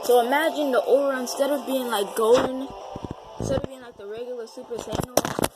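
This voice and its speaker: A woman's voice: high voice, fairly even intonation, fairly quick, very noisy. Rambling woman improvising a fan story. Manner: rambling, with many fillers and restarts. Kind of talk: improvised fan-fiction narration. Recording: music playing underneath.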